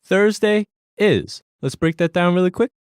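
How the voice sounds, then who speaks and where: A man's voice: high-pitched, normal speed, smooth, no echo, clean studio sound. A man hosting a language lesson, explaining Korean phrases to learners step by step in a friendly way that breaks into easy laughter.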